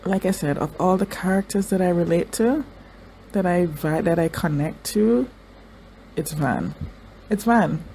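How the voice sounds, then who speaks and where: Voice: medium pitch, expressive, a little slow, vocal fry, warm tone, slight background noise. A show reaction vlogger in casual commentary, crying through it and talking emotionally, with stammers and restarted sentences.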